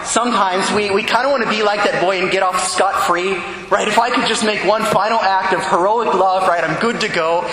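Priest giving a homily in a big echoey church, high bright voice, long reverb. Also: male voice, a little hiss or hum. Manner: storytelling homily, quick when excited. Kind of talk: sermon. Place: large church.

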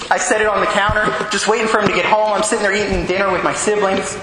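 A priest preaching a sermon, telling stories from his own life with quick, animated asides. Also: sits high, background noise. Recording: echoey hall with long reverb.

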